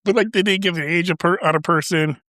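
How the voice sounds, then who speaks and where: A man's voice: high-pitched, steady tone, quick pace, pushed and bright, dry recording, studio quality. A man in his forties co-hosting a casual chat, rambling, trailing off mid-sentence and laughing often. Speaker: podcast co-host.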